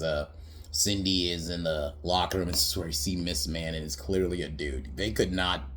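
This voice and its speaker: This young podcaster's voice sits low, with a little hiss or hum in the audio. He talks through a film loosely and profanely, laughing frequently and lapsing into quoted voices.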